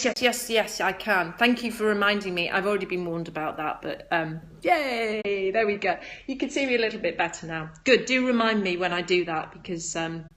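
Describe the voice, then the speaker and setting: A woman hosting a casual livestream, chatting in a bubbly, high-energy, rambling way and reading viewer comments aloud, recorded on a phone camera at a table indoors. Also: a bit bright. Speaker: livestream host selling flower essences.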